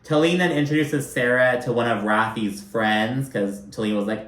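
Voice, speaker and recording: A man talks through a reality show in a loose, chatty way. He swears freely and keeps dropping in "like". His mid-pitched voice echoes around a roomy space. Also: fairly even intonation, normal speed, hardly any pauses, fairly bright tone. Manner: profane, chatty, filler-heavy with constant "like". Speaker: reality TV recap commentator. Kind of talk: casual commentary.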